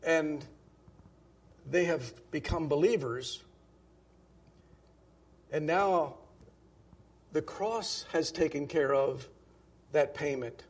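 A pastor preaches to his congregation, a man with a fairly high voice. His tone is husky, and he talks in a loose, conversational way, often restarting phrases and stressing the scripture he quotes. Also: very slow, long pauses. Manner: conversational, with many restarts and emphatic quoting. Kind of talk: sermon.

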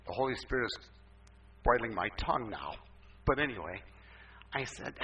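A male pastor telling a story in a sermon, emphatic and animated, with sudden upward swoops in pitch. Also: moderate pace, long pauses, slightly rough. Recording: distant, dull, muffled recording.

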